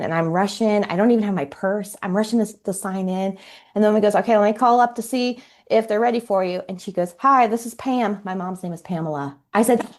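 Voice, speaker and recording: A parenting coach in her forties tells stories animatedly in a podcast interview, acting out the dialogue she quotes. Her voice is medium-pitched and a little mellow.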